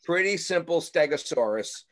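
A man's voice: on the high side, expressive, moderate pace, a bit bright, poor audio. A man from Massachusetts giving a friendly step-by-step drawing lesson to kids over a webcam. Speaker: illustrator teaching drawing. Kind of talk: drawing lesson on a video call.

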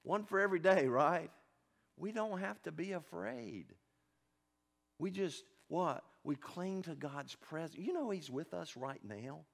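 Fervent high-voiced man preaching. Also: lively intonation, measured pace, gravelly. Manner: fervent preaching, swings from hushed to loud; calls questions out to the congregation. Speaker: pastor. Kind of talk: sermon. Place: church sanctuary.

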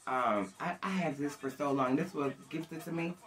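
A woman's voice: deep voice, moderate pace, soft background music. An older woman from Buffalo, New York, chatting to camera alone at home and talking straight to her viewers. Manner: chatty, animated, addresses viewers directly. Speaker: thrift haul vlogger. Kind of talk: casual chat to camera.

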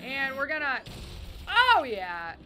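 A woman giving bubbly, excited let's-play commentary, cheering and squealing at the game as she plays. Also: sits high, takes it slowly. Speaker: gaming streamer. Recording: game music playing behind. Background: game music.

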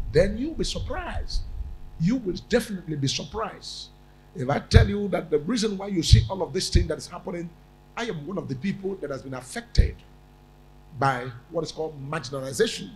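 A man's voice: sits high, animated, moderate pace, a little mellow, slight background noise, low-quality recording. A man preaching as a prophet, pressing each point through repeated phrases, now and then stalling on a word before pushing on. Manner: emphatic repetition with stammered restarts. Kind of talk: sermon.

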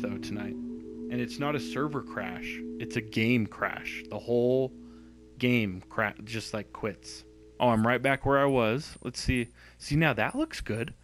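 A man's voice: medium pitch, low-quality recording. Exasperated young man commentating gameplay. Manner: exasperated, swearing, sarcastic.

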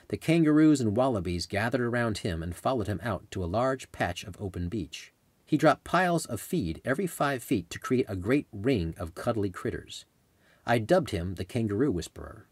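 A man reading his own travel memoir aloud in measured, descriptive storytelling. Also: on the low side, husky, no echo. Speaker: author narrating his memoir. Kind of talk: scripted audiobook narration.

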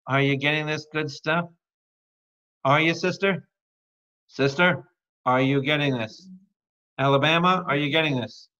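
A man, a priest, teaching a lively Bible study, calling out questions to his listeners and joking between readings. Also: mid-range voice. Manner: calls out to the audience with repeated questions; playful, jokes and breaks into song. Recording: dull lo-fi recording.

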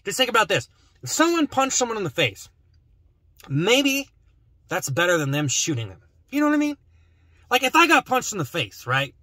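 Man, young adult, rambling comedic vlog, parked car, forceful bright voice, dry. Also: high-pitched, very animated, moderate pace, long pauses, no room sound. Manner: rambling, joking, mumbles asides. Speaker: vlogger.

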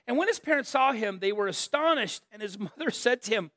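High-voiced pastor preaching in a dry room. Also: male voice, lively intonation, a little fast, few pauses, a bit bright, no room sound. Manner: earnest, with joking asides and self-deprecating stories. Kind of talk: conversational sermon.

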